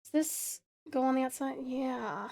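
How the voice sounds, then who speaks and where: A woman's voice: high-pitched, measured pace, vocal fry, a little mellow. A woman streamer chatting casually and giggling while she draws, rambling and reading chat aloud. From Australia.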